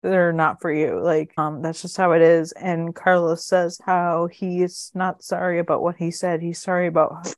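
A woman's voice: on the low side, flat delivery, normal speed, hardly any pauses, no room sound, clean studio sound. A woman co-hosting a casual podcast, retelling a TV episode scene by scene with lots of fillers and emotion. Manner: gushing, recounts scenes with many "like" fillers. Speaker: podcast co-host. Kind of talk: casual chat recapping a TV episode.

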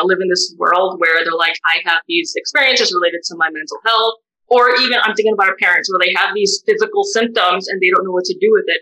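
A woman being interviewed, a therapist and doctoral researcher, speaking in an animated, unscripted way with many fillers and restarts. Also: medium pitch, low-quality recording. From United States. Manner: animated, many fillers and restarts, voice rises sharply when quoting others. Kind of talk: emotional conversational interview.

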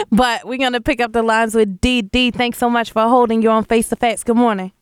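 A woman hosting a radio call-in show, casual and quick to laugh. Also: on the high side, clean tone, no echo, clean studio sound. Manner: laughs easily, relaxed and casual. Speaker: host.

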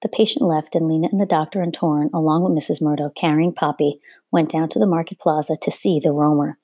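A woman reads a children's novel aloud at a steady storytelling pace, sometimes correcting a slip. Her voice is low, mellow and husky. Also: quick pace, no echo. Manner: steady storytelling, occasional rereading slips. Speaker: reader.

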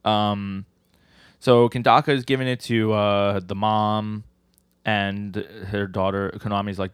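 A man casually recapping comic chapters on a podcast, full of fillers and quick acted-out character lines. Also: lowish voice, little pitch movement, clear, resonant tone, no room sound, clean studio sound. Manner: retells scenes, acting out character lines in quick voices; frequent fillers like "like" and "uh". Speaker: podcast co-host. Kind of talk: casual manga recap chat.

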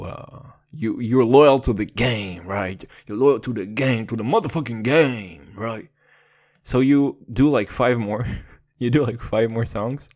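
A man who is not a native English speaker, hosting a comedic podcast monologue in a profane, playful mock-gangster swagger, sometimes dropping into a put-on deep voice. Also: darkish tone. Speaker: podcast host.

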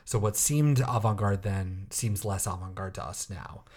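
Male podcast co-host, slightly low voice, casual rambling chat, wry asides, lots of ums. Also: moderate pace, darkish tone. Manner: rambling, wry and offhand, with many fillers.

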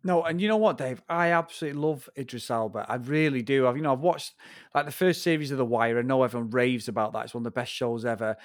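A man's voice: medium pitch, quick pace, no echo. Guy, swears a lot, ranting film review chat, dry close sound. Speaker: film review podcast co-host. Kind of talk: casual chat.

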